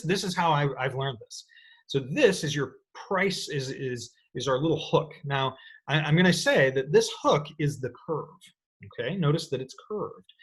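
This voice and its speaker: A man teaching an economics lecture in an energetic, playful way, often checking in with his students. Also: fairly high pitch, slightly rough. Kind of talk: recorded lecture.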